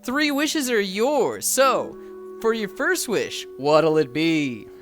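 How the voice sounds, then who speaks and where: A woman's voice: mid-range voice, very animated, slow pace, soft background music, voice pushed up. A woman doing a showy cheerful genie. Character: smooth cheerful male genie.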